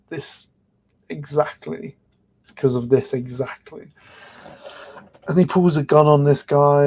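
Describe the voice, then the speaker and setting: A man's voice: mid-range voice, mellow. A man retelling events of a series in a loose, rambling podcast recap, filling his sentences with "like". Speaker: podcast panelist. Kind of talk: casual episode recap.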